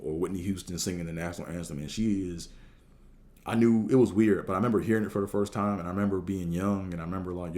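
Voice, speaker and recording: A man in his thirties with a low, dark voice, telling a long story casually. He rambles along with plenty of fillers and loose swearing. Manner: laid-back and rambling, with lots of fillers and swearing. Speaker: host.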